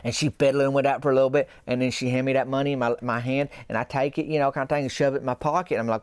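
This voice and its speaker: A man with a drawl spins a long comic yarn in a slow, deadpan, folksy ramble. His voice is smooth and clear, at a middle pitch. The recording is dry and close. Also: dry recording. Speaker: comedian storyteller.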